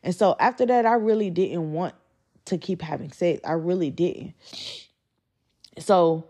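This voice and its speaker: A woman's voice: lowish voice, measured pace, mellow, breathy edge. A woman, telling a candid, profane story and acting out quotes. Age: 20s. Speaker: storyteller vlogger. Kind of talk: casual storytime.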